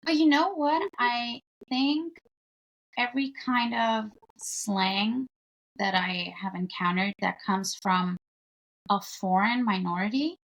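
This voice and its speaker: A young woman chats as a podcast guest, her voice pitched a little on the high side. She talks loosely and fills her sentences with "like" as she thinks out loud. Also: takes it slowly, vocal fry. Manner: chatty, leans on "like" fillers. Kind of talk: casual chat.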